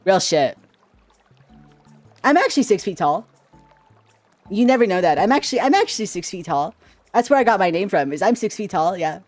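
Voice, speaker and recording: A man's voice: sits high, sing-song, normal speed, pauses often, no echo, soft background music. Giggly young man chatting on stream. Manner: giggly, rambling, playful and self-teasing. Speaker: VTuber streamer. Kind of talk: casual livestream chat.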